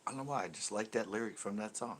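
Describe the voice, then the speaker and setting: A man's voice: on the low side, fast, a little hiss or hum. A man from California, hosting a fishing channel in casual livestream chat, ranting loosely and swearing freely.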